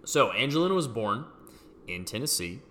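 A man's voice: medium pitch, very animated, moderate pace, fairly bright tone, a little hiss or hum. A man co-hosting a podcast, bantering casually and presenting a weekly segment. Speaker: podcast co-host. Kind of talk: casual chat.

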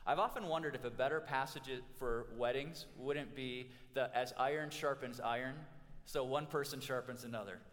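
A man in his forties, a pastor giving an animated sermon with humorous stories and quick restarts. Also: mid-range voice. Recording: reverberant hall.

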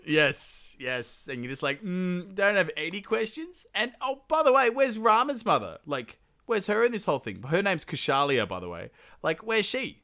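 With a sing-song, pushed and bright voice at normal speed, this man retells an ancient epic on his podcast in a casual, comic way. He swears and laughs freely, now and then breaking into silly high-pitched character voices.

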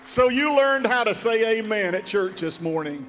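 A man preaching a sermon in a folksy, drawn-out, emphatic way. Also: high-pitched, expressive, a bit bright, long reverb tail, soft background music, a faint crowd. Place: church sanctuary.

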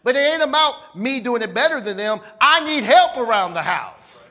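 A pastor preaching a sermon in a church, talking conversationally, repeating himself and calling on the congregation. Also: male voice, very high voice, big pitch swings, normal speed, pushed and bright. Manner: conversational, repetitive, calls on the congregation.

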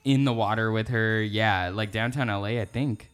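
Chill low-pitched guy on a podcast, easygoing, just chatting. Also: steady tone, normal speed, a bit bright, clean tone. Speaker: podcast co-host. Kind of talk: casual chat.

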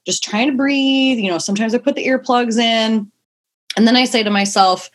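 A woman's voice: on the high side, moderate pace. A young woman, a mother of two small children, talking candidly in a casual podcast chat, rambling and swearing now and then.

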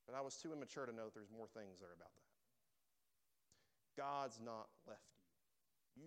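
A man preaching in a church, swinging from loud, emphatic pleas to hushed, tender lines. His voice is smooth and resonant at an ordinary middle pitch. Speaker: pastor. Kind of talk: sermon. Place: church sanctuary.

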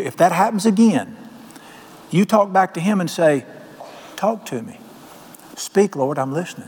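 In a long, echoing hall, a man with a slightly high, somewhat mellow voice gives a sermon as pastor. His folksy style features homespun stories, quotes done in voices, and questions aimed at the congregation.

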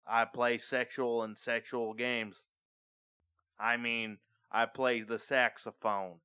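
A man doing a quick impression of Forrest Gump, a slow-talking Southern man with an Alabama accent, on a comedy podcast. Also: mid-range voice, flat delivery, sharp tone, clear, resonant tone, no echo. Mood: goofy.

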